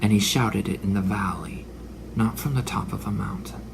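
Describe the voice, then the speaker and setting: A man's voice: lowish voice, steady tone, normal speed, vocal fry, noisy background. A man in his forties delivering a religious monologue, dramatic, sometimes dropping into whispered asides. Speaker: religious speaker. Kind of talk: preaching monologue.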